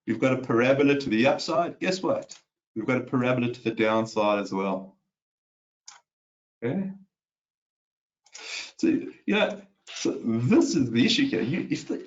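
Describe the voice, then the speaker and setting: Man, mid-pitched voice, casual live market commentary, home office, rambling with fillers, questions for viewers, slightly muffled lo-fi sound. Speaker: market analyst host.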